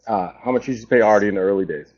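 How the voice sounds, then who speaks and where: A man pressing hard with pointed questions, filling his pauses with uh. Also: fairly low pitch, darkish tone, slightly rough. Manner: pushy, fills with uh. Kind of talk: confrontational questioning. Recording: dull lo-fi sound.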